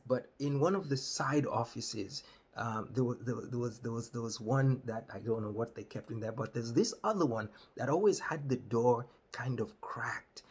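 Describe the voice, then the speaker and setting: A man from Kenya telling a comic story on stage in a husky, mid-pitched voice. He tells it with energy and acts out the people in it. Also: a little mellow. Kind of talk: stand-up storytelling.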